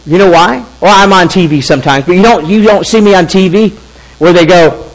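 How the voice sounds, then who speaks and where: A middle-aged man delivers a storytelling sermon in a high, light voice. He is animated and halting, often breaking off and restarting his sentences as he speaks to the congregation. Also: rough recording. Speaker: preacher.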